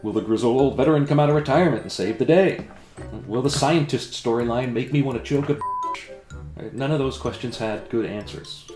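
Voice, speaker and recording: A man's voice: mid-range voice, a little fast, darkish tone, echoey room, faint music behind. A man in a comedy sketch, talking in a dry, sarcastic and critical way. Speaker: comedy video creator. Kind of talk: comedic self-debate sketch.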